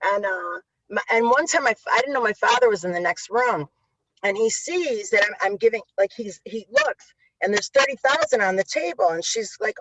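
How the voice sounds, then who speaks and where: A woman guest on an interview, telling stories in a casual, animated way and acting out quotes with lots of swearing. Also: a little high, a little fast, no room sound. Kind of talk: casual storytelling. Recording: dull lo-fi sound.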